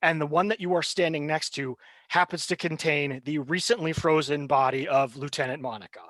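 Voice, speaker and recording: A man narrating a tabletop game as game master, brisk and relaxed, with fillers. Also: fairly high pitch, no echo.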